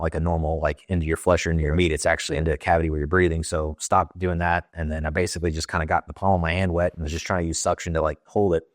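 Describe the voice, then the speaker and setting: A man, a former Marine, recounting events in casual conversation, halting and plain, with many fillers and quoted lines. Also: deep voice, no room sound, studio quality.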